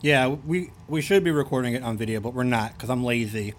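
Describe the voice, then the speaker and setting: A man's voice: medium pitch, a little fast, a little hiss or hum. A man with a Baltimore accent and a lisp, co-hosting a podcast in rambling, jokey banter with a slight stutter. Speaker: podcast co-host.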